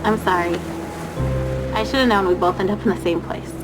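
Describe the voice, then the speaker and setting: A woman's voice: mid-range voice, a little fast. A woman playing a mother who speaks anxiously and earnestly, apologetic and unsure. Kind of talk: game voice acting, conversation. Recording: music under the voice.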